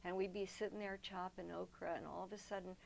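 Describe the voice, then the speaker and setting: A woman's voice: lowish voice, little pitch movement, fast talker, gravelly, darkish tone, slight background noise, rough recording. An older woman, a guest in an interview, telling long personal stories in a reflective way, often restarting her sentences. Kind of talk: storytelling in a sit-down interview.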